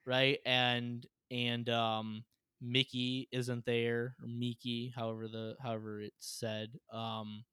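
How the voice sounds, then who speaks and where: A man co-hosting a relaxed conversation, his voice smooth and resonant. He retells scenes with animated energy and scatters filler words throughout. The sound is dry and close, with no room ring. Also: medium pitch, takes it slowly, no echo. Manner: animated storytelling, frequent "like" fillers. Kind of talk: casual chat.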